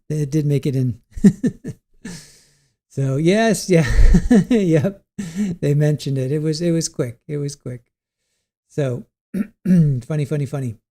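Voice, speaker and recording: A man's voice: on the high side, dark tone. A man hosting a casual livestream about a court trial, rambling and reading viewer comments aloud.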